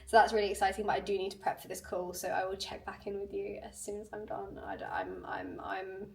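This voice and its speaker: A woman's voice: medium pitch, level tone, creaky, darkish tone, far from the mic. Woman, young, stuffy cold voice, casual vlog, wry and chatty, sometimes off-mic. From United Kingdom. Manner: chatty, self-mocking, quick asides. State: nasal from a cold. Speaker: vlogger. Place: home bedroom. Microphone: handheld camera.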